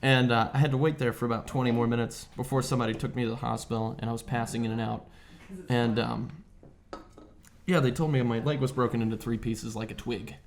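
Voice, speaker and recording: A man's voice: mid-range voice, fast, slight background noise. A man hosting a casual podcast over beers, telling a story with lots of swearing and acted-out quotes. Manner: profane, animated storyteller who acts out quotes. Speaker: podcast host.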